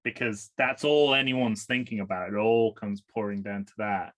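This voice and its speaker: He speaks at normal speed in a fairly bright, low-leaning voice with fairly even intonation. As a podcast co-host during a movie watch-along, he chats loosely, self-corrects and drifts off mid-thought.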